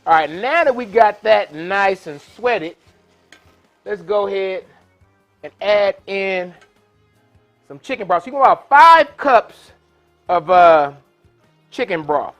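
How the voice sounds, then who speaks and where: A man's voice: high voice, lively intonation, slow, pauses often, a bit bright, soft background music. Folksy man hosting a cooking show. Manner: casual, folksy, chatty with viewers. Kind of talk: live cooking demonstration. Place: kitchen with induction burner.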